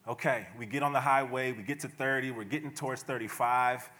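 A man preaching a sermon in a church sanctuary, with an easy, everyday delivery. He talks like he is chatting with friends, chuckles often, and drops in playful asides to the congregation. His voice sits at a middle pitch for a man. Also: steady tone, a little fast, few pauses, bright, forceful tone. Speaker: pastor.

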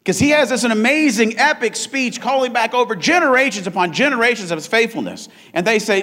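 A man preaching a sermon in a church, energetic and joking, whooping with excitement and stumbling into restarts. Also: very high voice, brisk, hardly any pauses. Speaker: pastor. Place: church auditorium.

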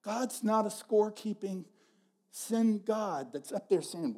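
A man's voice: sits high, animated, takes it slowly, dark tone. A middle-aged man preaching a sermon as pastor, telling stories in a conversational way and repeating his phrases.

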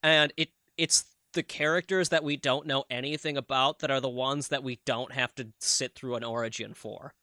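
Bright, dry-voiced enthusiastic man. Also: mid-range voice, steady tone, moderate pace, few pauses, no echo. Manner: enthusiastic, swears freely. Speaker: podcast co-host. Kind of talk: casual chat.

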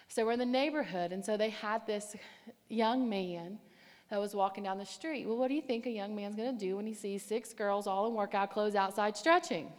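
A woman preaching a sermon, telling a personal story in an animated, emphatic way. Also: medium pitch. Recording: echoey hall reverb.

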